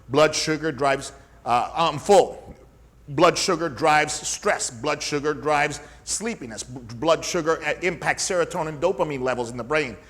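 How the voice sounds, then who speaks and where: A man's voice: on the high side, fairly bright tone. A middle-aged man, a fitness coach and podcast host, teaching in an emphatic style with repetition and rhetorical questions. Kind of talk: energetic teaching monologue.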